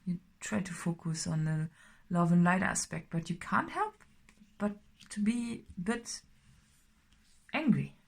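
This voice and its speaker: A woman with a somewhat low voice gives a casual tarot reading. She rambles, fills pauses with "you know" and "uh", and now and then drops to a soft whisper. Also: gravelly. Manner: rambling, many fillers, slips into soft whispers. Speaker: tarot reader.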